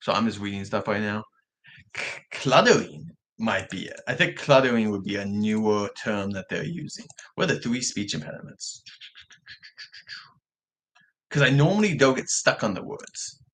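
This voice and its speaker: A young man whose R's come out soft, like W's, chatting casually on a livestream vlog with frequent restarts. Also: on the low side, lively intonation, moderate pace. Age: young adult. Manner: rambling, self-correcting talk with frequent restarts. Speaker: livestream vlogger.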